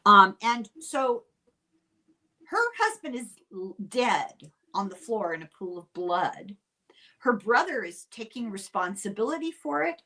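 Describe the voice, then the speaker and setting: A woman's voice: medium pitch, expressive, bright, forceful tone. Older woman, chatty storyteller. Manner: chatty and unhurried, dry asides. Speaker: podcast host. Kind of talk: casual true-crime storytelling.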